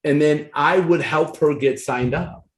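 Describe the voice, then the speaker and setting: A man giving a sales training talk, acting out the dialogues of a sales pitch in an animated way. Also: unhurried, reverberant.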